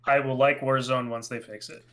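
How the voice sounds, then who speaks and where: A young man co-hosting a podcast, telling gaming stories in a lively, casual way and acting out the voices in them. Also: mid-range voice, normal speed. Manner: animated storyteller, acts out voices in his anecdotes. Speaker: podcast co-host. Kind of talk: casual chat.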